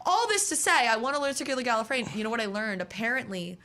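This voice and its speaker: A young American woman chatting as a guest on a college radio show, rambling and quick to act out quotes. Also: fairly high pitch, lively intonation, sharp tone. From United States. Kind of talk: casual radio chat. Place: radio studio.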